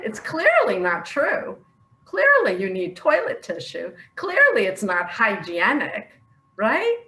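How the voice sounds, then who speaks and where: Earnest older woman, slow and lively. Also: mid-range voice. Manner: emotional, earnest, laughs often. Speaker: online religious speaker. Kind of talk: personal video monologue. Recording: echoey room.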